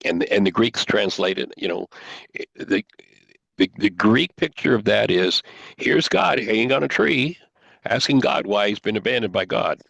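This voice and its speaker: An older man hosting a talk show, teaching in an animated way and acting out the quoted dialogue. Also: fairly low pitch, moderate pace, vocal fry, no echo, lo-fi sound. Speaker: host.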